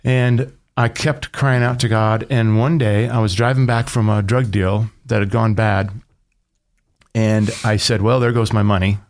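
A man's voice: lowish voice, steady tone, unhurried. A middle-aged man telling his personal testimony as an interview guest, in a plain, conversational storytelling way.

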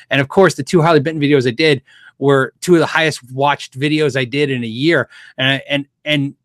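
A man with a somewhat high voice hosts a casual guitar livestream and answers viewer questions. He rambles, restarts his sentences and chuckles now and then. The sound is close and dry, with no room around it. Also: fairly even intonation, fairly quick, fairly bright tone, dry recording. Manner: rambling, self-correcting, chuckles often.

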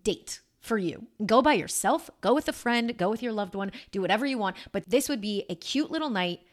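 A woman in her thirties hosting a podcast, telling a rambling story in a chatty, animated way full of fillers and asides. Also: mid-range voice, brisk. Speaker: podcast host. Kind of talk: casual storytelling monologue.

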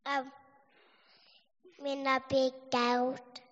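A woman's high voice answering softly in church. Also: completely flat delivery, very slow, long reverb tail. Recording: distant, muffled, noisy church audio.

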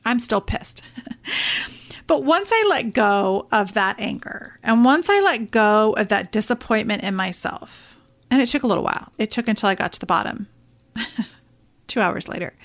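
Woman, 30s, podcast host, slightly high voice, animated confessional storyteller. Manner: animated storytelling, addresses listeners as "you guys".

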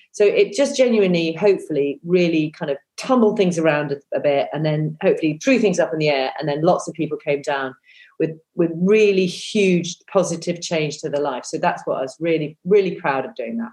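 A woman's voice: lowish voice, a little fast, a little mellow. A woman in her fifties, a former breakfast TV presenter, chatting as a podcast guest with lots of fillers and restarts. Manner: chatty, self-deprecating, many fillers and restarts. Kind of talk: casual interview chat.

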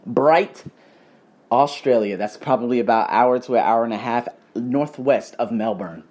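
A man telling stories on his solo podcast, animated, ranting and swearing freely. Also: medium pitch, moderate pace. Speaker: podcast host. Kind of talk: casual solo storytelling.

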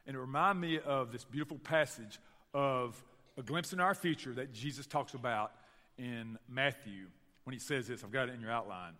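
A man with a Southern US accent from Tennessee, preaching a sermon and telling stories to his church in an animated way. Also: mid-range voice, normal speed, big-room sound. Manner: storytelling, animated, addresses the church directly. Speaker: pastor. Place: church sanctuary.

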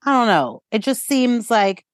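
A woman's voice: a little high, big pitch swings, unhurried, no room sound. A woman co-hosting a casual podcast about reality TV, talking thoughtfully with many hesitant fillers. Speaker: podcast co-host.

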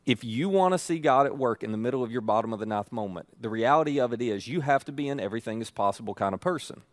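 A man's voice: mid-range voice, quick pace, hardly any pauses, dry recording, studio quality. A middle-aged male pastor preaching a sermon in an earnest, emphatic way, building on repeated phrases.

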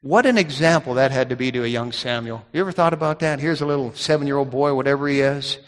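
A man's voice: medium pitch, quick pace. A middle-aged man preaching a sermon as a pastor, telling stories in a folksy way with frequent restarts. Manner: folksy storytelling with repeated restarts. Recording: long hall reverb.

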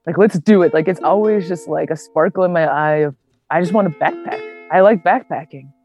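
Animated young woman, chatty, filler-heavy. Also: fairly low pitch, a little fast, faint music behind. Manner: animated, many fillers like "like" and "man", acts out quoted voices. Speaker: interview guest, long-distance hiker. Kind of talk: casual storytelling interview.

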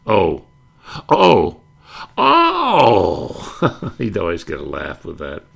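A man's voice: low voice, gravelly, fairly bright tone. An older man fondly reminiscing about old-time radio, rambling from one memory to the next. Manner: fond, rambling, breaks into quoted catchphrases. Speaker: radio nostalgia speaker. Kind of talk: reminiscing talk with brief impressions.

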